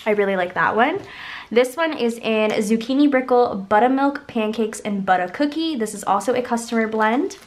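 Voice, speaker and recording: A woman's voice: a little high, expressive, normal speed. Congested young woman chatting through a haul. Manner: rambling, upbeat, lots of "like" and "um". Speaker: haul vlogger. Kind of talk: casual chatty haul video.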